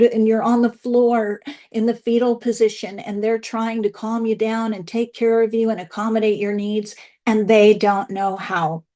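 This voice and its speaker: A woman's voice: on the high side, a little mellow. Woman giving candid, emotional testimony. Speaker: speaker at an online event. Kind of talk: personal testimony. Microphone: video call.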